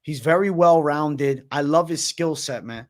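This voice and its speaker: A man's voice: fairly high pitch, unhurried. A man in his twenties hosting a casual livestream, hyped and profane, heavy on slang. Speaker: livestream host.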